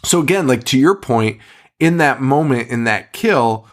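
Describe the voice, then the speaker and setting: A man co-hosting a casual movie podcast, animated and laughing often, hiccuping and burping as he talks into a mic. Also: medium pitch, unhurried. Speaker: podcast co-host. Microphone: studio mic.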